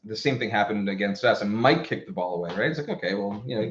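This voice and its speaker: A man tells a story in a casual podcast chat, stumbling, restarting and swearing as he gets worked up. His voice sits a little low. The sound is roomy and dull, like a lo-fi home recording. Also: expressive, fast, slight background noise. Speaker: podcast co-host.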